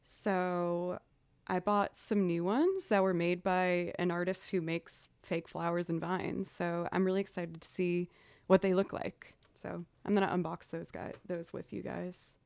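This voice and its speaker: A woman's voice: on the low side, fairly even intonation, measured pace, gravelly, darkish tone, no room sound. A young woman chatting casually with viewers on her music livestream, upbeat and encouraging herself.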